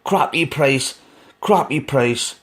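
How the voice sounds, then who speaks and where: A man's voice: mid-range voice, slow, a bit bright. A man with a Geordie accent hosting a solo racing podcast, giving opinionated, rambling tips full of fillers and restarts. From North East England. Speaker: racing tipster podcast host. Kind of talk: casual solo podcast, race preview.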